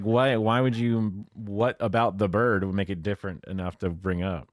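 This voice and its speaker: Low-voiced man musing on stream. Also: normal speed, hardly any pauses, no echo, studio quality. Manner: musing, opinionated, many fillers. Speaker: streamer reacting to a video. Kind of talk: casual reaction commentary.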